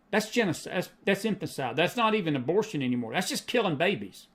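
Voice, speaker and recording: A man's voice: a little high, expressive, quick pace, few pauses, a bit bright. A middle-aged man hosting a live faith and politics show, preaching in a folksy way, repeating lines for emphasis and answering chat comments.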